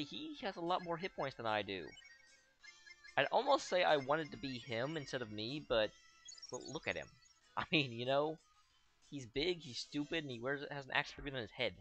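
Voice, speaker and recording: A man's voice: medium pitch, big pitch swings, moderate pace, long pauses, fairly bright tone. A young man chatting through a game playthrough with a sarcastic, joking edge. His voice swings widely up and down as he reacts, and faint game music runs underneath. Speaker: let's play host. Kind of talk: casual gameplay commentary.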